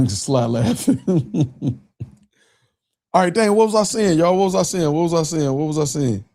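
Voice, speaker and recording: A man's voice: a little high, expressive, unhurried, dark tone. A man hosting a casual livestream, talking loosely to his chat, repeating himself and laughing often. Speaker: livestream host.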